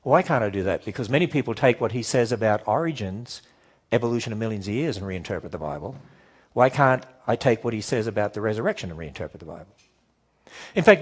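A man giving a sermon-style talk to a church audience, emphatic and animated, firing off rhetorical questions and acting out the objections people raise. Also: medium pitch, husky. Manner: acts out quoted objections in shifting voices; emphatic, repetitive build-ups. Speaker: Christian speaker addressing a church audience.

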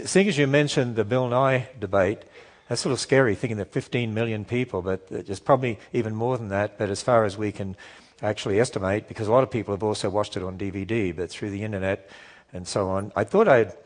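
Lively Australian man lecturing a crowd. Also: fairly low pitch. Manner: lively storytelling with audience asides. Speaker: guest speaker. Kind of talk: lecture to a live audience.

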